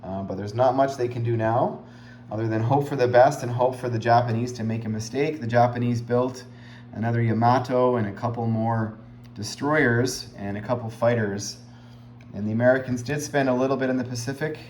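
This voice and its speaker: A man giving a relaxed, explanatory summary of a strategy board game round, talking through the map with frequent fillers and asides. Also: medium pitch, a little fast, roomy sound, slight background noise.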